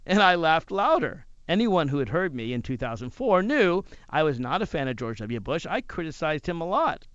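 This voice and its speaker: A man who hosts talk radio, telling a personal story in an animated way. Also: a little high, normal speed, few pauses, clean tone, dry recording, lo-fi sound. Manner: animated, acts out other people's lines.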